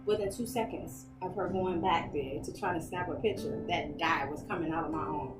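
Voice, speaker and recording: A woman guest in a podcast interview, telling her story in an animated way and acting out the voices of others. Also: on the low side, brisk. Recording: echoey room, distant mic, loud music behind.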